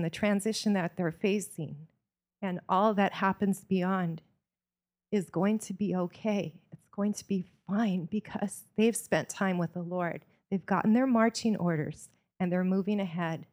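A woman's voice: mid-range voice, darkish tone. Earnest woman preaching a sermon.

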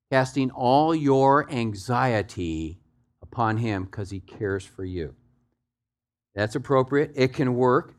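Male pastor, mid-range voice, emphatic sermon delivery with big swings in volume, guides the congregation through the text. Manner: emphatic, swings between soft low asides and loud raised exhortation.

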